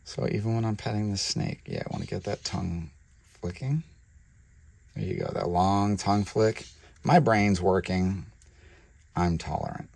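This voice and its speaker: A man who breeds reptiles, hosting a casual vlog while handling snakes, chatty and sometimes dropping to soft murmurs toward the animals, recorded on a handheld camera mic indoors. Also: sits low, normal speed, vocal fry, long pauses. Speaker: reptile breeder and channel host.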